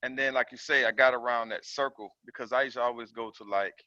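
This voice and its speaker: A man calling in to a group coaching call to talk about his trucking business, halting and reflective as he feels his way through his thoughts. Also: medium pitch, fairly even intonation, pushed and bright, dry recording. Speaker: caller, trucking business owner. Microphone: call audio. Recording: dull, dry call audio.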